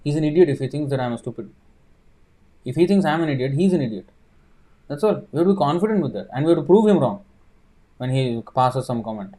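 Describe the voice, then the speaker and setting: A man's voice: medium pitch, lively intonation, fast talker, long pauses, dark tone. A man, a spiritual teacher answering viewer questions in a livestreamed sermon, emphatic and fond of rhetorical questions.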